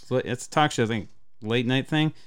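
Male co-host, casual foul-mouthed chat, smooth clear voice. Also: mid-range voice, moderate pace. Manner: animated, swears freely. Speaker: podcast co-host.

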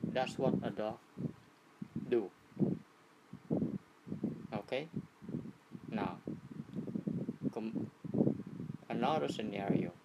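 A man gives a relaxed teaching talk in a gravelly, creaky voice. He talks in halting, repetitive bursts and keeps checking in with his listeners. A loud, steady noise sits under the whole recording. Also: mid-range voice. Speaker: speaker giving a talk on attachment.

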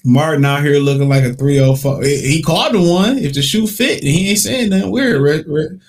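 A young man co-hosting a casual sports podcast, joking loudly and trash-talking with frequent laughter. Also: a little high, expressive, brisk. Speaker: podcast co-host.

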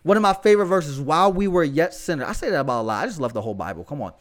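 A man's voice: a little high, sing-song, very fast. A young man with a Southern US accent preaching fervently in a casual, slangy, conversational way. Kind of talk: podcast sermon.

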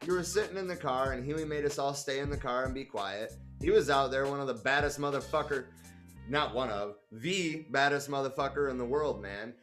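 A man's voice: medium pitch, fairly bright tone. Casual man reading a memoir aloud. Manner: casual, profane, amused asides. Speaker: reader.

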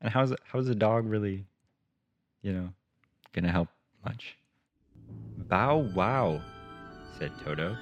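A man's voice: lowish voice, animated, moderate pace, long pauses, darkish tone, highs cut off, soft background music. A man reading a children's storybook aloud and breaking off with wry, playful jokes about the text.

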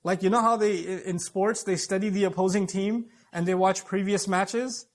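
A male preacher delivers a Friday sermon in a high voice. He speaks emphatically, explains each point and turns to his audience with questions. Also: fairly even intonation, normal speed.

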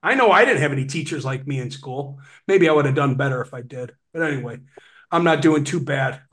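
A man giving an energetic sales training talk on a video call, animated and acting out sales pitches. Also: fairly quick. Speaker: webinar presenter on sales financing.

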